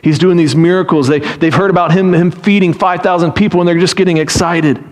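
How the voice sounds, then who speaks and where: A man, a pastor, preaching a sermon as animated storytelling, acting out pleading voices and often repeating and restarting phrases. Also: sits high, brisk.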